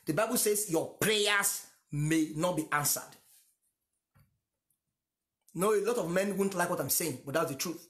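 A man's voice: high-pitched, a little slow, long pauses, fairly bright tone, roomy sound. A Nigerian-accented man whose first language is Yoruba, preaching a sermon emphatically and repeating lines for stress. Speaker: pastor.

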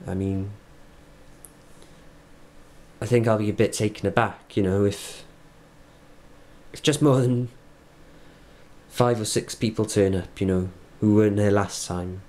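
A Welsh man speaking earnestly in a reflective video diary, halting and restarting as he thinks. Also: fairly low pitch, a little mellow. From Wales. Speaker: vlogger.

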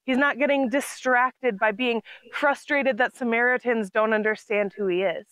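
A woman's voice: on the high side, fairly bright tone, dry recording, rough recording. A woman intern pastor giving a recorded sermon in a conversational, storytelling way, with light laughs now and then.

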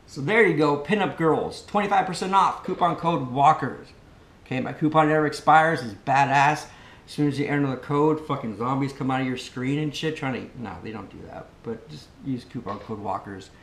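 A man's voice: medium pitch, moderate pace, a bit bright. A man hosting a casual vlog, rambling and joking crudely. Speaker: vlog host. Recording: echoey room.

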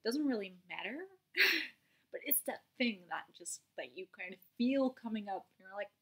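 A young woman talking candidly in a personal vlog about a meditation practice, unguarded, laughing and swearing now and then, her voice often sinking to a soft near-whisper. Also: medium pitch, lively intonation, normal speed, breathy edge. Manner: swearing and laughing as she talks. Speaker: vlogger sharing a meditation practice.

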